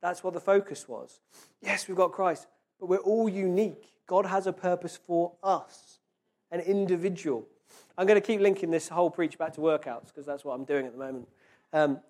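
A man preaches in a relaxed, conversational way, his voice sitting a little higher than most men's. He slows down to read scripture with emphasis. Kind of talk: informal sermon.

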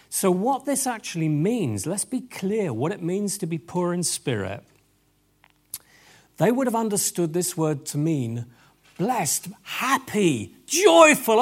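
A man preaching a lively sermon, animated and exclamatory, addressing the audience directly. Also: sits high. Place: event hall with tables.

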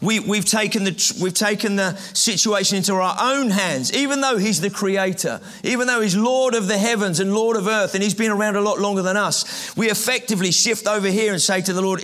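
A man with a noticeably high voice delivers a sermon to a live audience. He talks conversationally rather than formally. He repeats his phrases and stops to ask the room questions. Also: brisk, hardly any pauses, a bit bright. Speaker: preacher.

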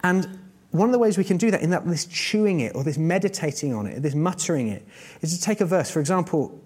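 A man's voice: a little high, animated, fast talker, a little mellow, breathy edge. A man preaching a sermon in a conversational, earnest teaching manner, using everyday examples.

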